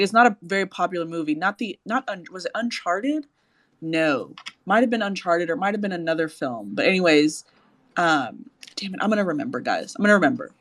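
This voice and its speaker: A man hosting a casual chat, animated and gushing, swearing freely. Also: high-pitched, dry recording, clean studio sound. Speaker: host.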